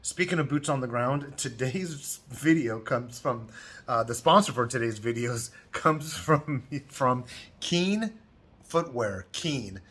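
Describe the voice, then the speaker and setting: A middle-aged man talks to his camera from a hotel room in a loose, chatty vlog style. His voice sits at an everyday pitch, and he tells his stories at length, getting louder and more worked up when he replays an argument. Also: lively intonation, takes it slowly. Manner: chatty storyteller, rising loud when retelling the quarrel. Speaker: travel vlogger. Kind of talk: casual vlog chat.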